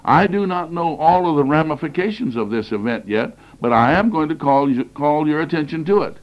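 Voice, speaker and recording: A man with a slightly high, lively voice speaks fairly quickly, and the recording has its highs cut off. Recovering from the flu, he coughs now and then while delivering an earnest, emphatic lecture on Bible prophecy on cassette tape, repeating phrases to drive his points home.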